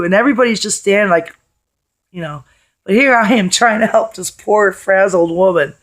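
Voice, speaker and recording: A woman with a hoarse, worn voice tells a story to her camera in a loose, chatty way. She is blunt and swears casually as she talks. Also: mid-range voice, normal speed. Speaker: vlogger.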